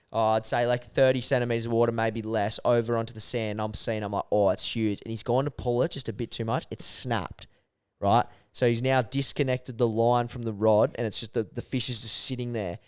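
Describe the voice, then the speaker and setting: A man hosting a podcast, telling animated stories in casual chat and swearing freely. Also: mid-range voice, clear, resonant tone, no room sound. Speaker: podcast host. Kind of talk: casual storytelling.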